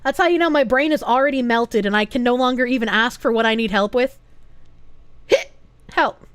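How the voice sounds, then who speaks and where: A woman's voice: on the high side, normal speed, clean tone, no echo. A woman streamer in casual chat, reading viewer messages aloud, giggling often and talking bluntly and crudely.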